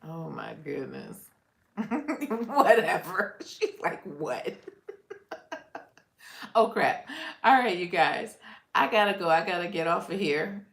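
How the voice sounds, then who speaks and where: A woman's voice: lowish voice, expressive, slow, vocal fry, pauses often, fairly bright tone, echoey room. A woman hosting a casual livestream, chatting with viewers, laughing often and reacting to comments. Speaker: livestream host. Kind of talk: casual live chat.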